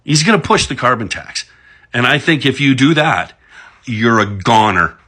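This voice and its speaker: A political commentator from Alberta, Canada, rants about politics in a sarcastic monologue packed with swearing and big pitch swings. His voice is animated, pushed and bright, with a husky quality, delivered at a moderate pace.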